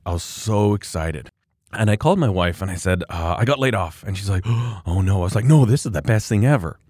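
A middle-aged man hosts his own podcast in a low voice, telling a story in a loose, rambling way. He restarts often and pokes fun at himself. The sound is close and dry, with no room around it. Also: a little mellow, no room sound. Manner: rambling, self-deprecating, frequent restarts and laughs. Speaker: podcast host. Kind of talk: casual storytelling monologue.

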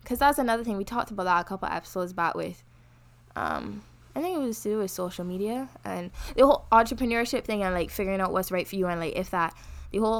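A young Barbadian woman co-hosting a casual podcast. She talks in an animated, chatty way and laughs easily, with her voice sitting at an everyday middle pitch. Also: fast talker. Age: young adult. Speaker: podcast co-host. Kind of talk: casual chat.

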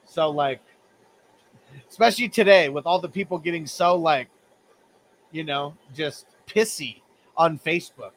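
Young man, fairly high voice, casual live-stream host, profane, teasing, rambling, lots of fillers. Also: measured pace, long pauses, fairly bright tone, poor audio. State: coughing between phrases.

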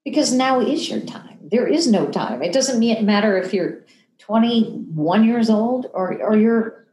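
A woman in her fifties, a television personality telling an emotional story in a podcast interview, animated and acting out the voices she quotes. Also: fairly high pitch, a little slow, roomy sound, low-quality recording. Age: 50s.

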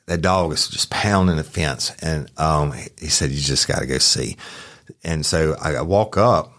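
A man's voice: very deep voice, a bit bright, dry recording, clean studio sound. A man tells a police story in a casual, rambling way, with restarts and swearing. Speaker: podcast host recounting a police case.

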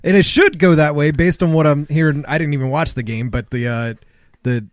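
A man adds quick, dry jokes to a sports chat. His voice runs a little high. The sound is close and dry, with no room around it. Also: no room sound. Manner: dry quips and short laughs.

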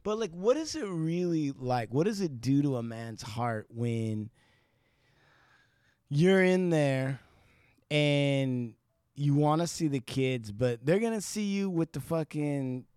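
A man's voice: on the high side, lively intonation, slow, darkish tone, smooth, no room sound, studio quality. A man hosting a casual podcast interview, asking curious, probing questions and swearing casually. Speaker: podcast host.

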